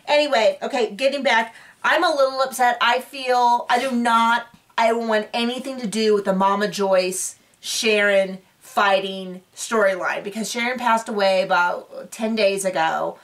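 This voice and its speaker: A woman's voice: on the high side, normal speed, a bit bright, far from the mic. A woman hosting a casual recap show, chatty and opinionated with sarcastic asides, recorded a bit away from the mic.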